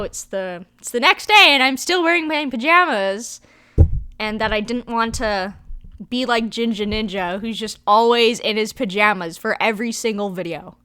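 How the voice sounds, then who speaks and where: A woman's voice: a little high, pushed and bright, clear, resonant tone, dry recording. A young woman chatting casually at home for her vlog, giggly and full of fillers, often trailing off and restarting. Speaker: vlogger. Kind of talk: casual rambling vlog chat.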